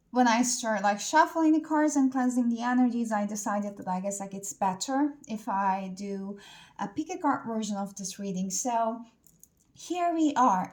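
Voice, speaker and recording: High-pitched woman, tarot reader to camera, chatty and unpolished with frequent fillers. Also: a little mellow. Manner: chatty, loose, many fillers like "like" and "uh". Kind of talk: casual pick-a-card reading to camera.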